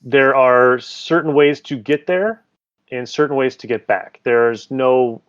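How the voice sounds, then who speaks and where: A man's voice: medium pitch, slow, clean tone, highs cut off. A man running a tabletop game as dungeon master, narrating loosely with jokes and restarts. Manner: casual, joking, loose narration.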